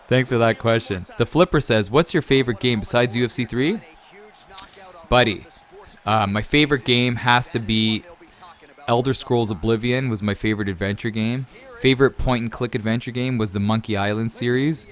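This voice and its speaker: A man's voice: lowish voice, normal speed, a bit bright. A man in his thirties, a gaming YouTuber, chatting casually as he reads out and answers viewer questions over gameplay.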